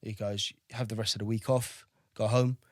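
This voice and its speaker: A man's voice: lowish voice, level tone, moderate pace, dry recording, clean studio sound. A man telling his service story candidly, swearing freely and often asking "do you know what I mean". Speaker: podcast guest, navy veteran.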